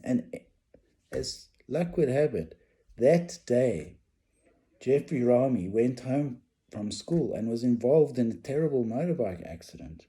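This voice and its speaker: A middle-aged man tells a personal story in a loose, rambling way, circling back with fillers and false starts. His voice is very dark and mellow, sitting at an ordinary male pitch. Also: big pitch swings, a little slow. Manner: rambling, casual, with many fillers and restarts.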